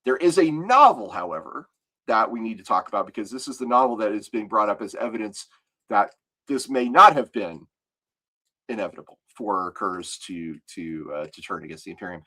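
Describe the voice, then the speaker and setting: A man's voice: on the low side, lively intonation, moderate pace, pushed and bright. A man co-hosting a podcast, explaining lore at length and thinking aloud in casual talk. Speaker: podcast co-host.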